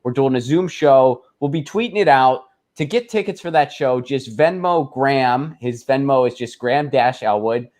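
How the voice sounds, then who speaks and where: A man with a Pittsburgh accent talks as a guest, easygoing and quick to poke fun at himself. His voice sits at a medium pitch, and his tone stays casual and conversational. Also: a little mellow. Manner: easygoing, self-deprecating. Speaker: guest, comedian.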